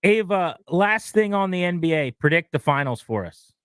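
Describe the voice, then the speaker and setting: Brisk sports radio host, man, dry sound. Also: high-pitched, lively intonation, clean tone, no echo. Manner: brisk, newsy rundown of team notes.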